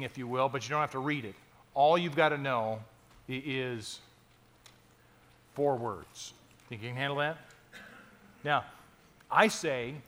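Male pastor, slightly high voice, casual joking sermon delivery, lots of restarts. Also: a bit bright. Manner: conversational, joking, frequent restarts. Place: church sanctuary.

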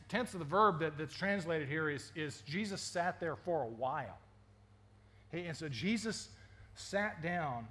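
A man's voice: a little high, fairly bright tone. A man preaching a sermon as a pastor, talking conversationally with many stammered restarts and questions to the congregation. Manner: asks the congregation questions and jokes.

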